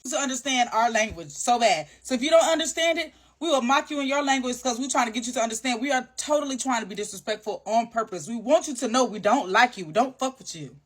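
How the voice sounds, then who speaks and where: A woman's voice: a little high, expressive, fast, hardly any pauses, fairly bright tone. Blunt slangy woman chatting. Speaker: social media creator. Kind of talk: casual storytelling rant.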